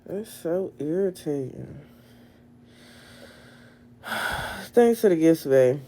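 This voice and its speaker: Young woman, livestream host, dark and gravelly, slow and blunt, casual phone chat. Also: deep voice, animated. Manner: blunt, profane and exasperated. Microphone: phone camera.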